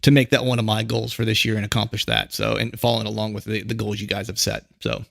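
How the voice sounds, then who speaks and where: A man's voice: on the low side, level tone, fast talker, vocal fry, fairly bright tone, no echo, clean studio sound. A man hosting a podcast, chatting casually with a guest and rambling through many fillers and restarts. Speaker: podcast host. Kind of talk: casual interview chat.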